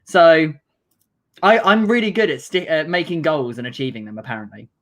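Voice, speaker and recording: A woman's voice: low voice, sing-song, normal speed. A woman with a nasal British accent, a guest in a casual chat, rambling and self-deprecating. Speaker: guest on a livestream.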